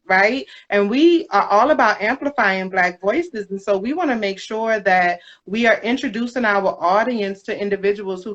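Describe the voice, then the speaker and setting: A woman hosting a live podcast chat, talking in a chatty, animated way and laughing often. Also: medium pitch. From United States. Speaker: podcast host. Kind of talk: casual live interview chat. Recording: dull lo-fi livestream audio.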